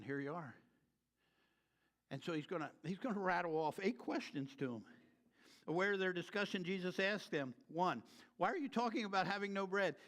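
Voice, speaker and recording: A man's voice: medium pitch, fairly bright tone. A man preaching a sermon in a church, talking conversationally and building to fervent emphasis. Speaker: pastor. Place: church sanctuary.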